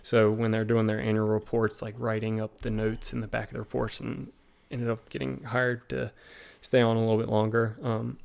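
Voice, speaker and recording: In a lowish, creaky, somewhat dark voice with little pitch movement, a Virginia man with a Southern accent spins stories at normal speed as a podcast guest. He rambles casually, packing in fillers and quoted asides.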